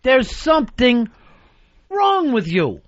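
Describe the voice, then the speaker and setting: Higher-voiced male radio host, profane and theatrically fed up, dry lo-fi broadcast sound. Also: huge pitch swings, takes it slowly, dry recording. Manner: profane, mock-exasperated rants. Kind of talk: radio talk show banter.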